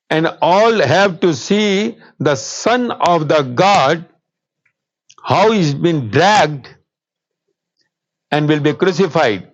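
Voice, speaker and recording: A man giving a spiritual discourse, telling a story slowly and earnestly. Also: a little high. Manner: slow, earnest storytelling, quotes with rising emphasis. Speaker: spiritual teacher. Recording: dull, slightly lo-fi sound.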